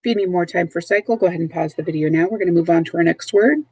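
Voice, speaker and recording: A woman teacher giving a recorded vocabulary lesson, speaking patiently and clearly, repeating and spelling out words, recorded at home. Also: fairly low pitch, very fast, darkish tone, no room sound, poor audio. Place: at home, dogs nearby.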